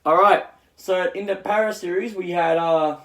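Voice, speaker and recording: Halting man with fillers, echoey room. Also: high-pitched, a bit bright. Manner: halting, full of fillers and restarts. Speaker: channel host. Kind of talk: casual esports results recap.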